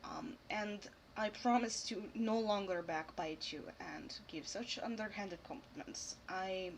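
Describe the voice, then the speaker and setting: A hoarse woman voicing a proud young regency lady who reads a stiff, formal apology letter. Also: mid-range voice, a little slow, a little hiss or hum, close to an everyday voice, poor audio. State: hoarse, voice going out.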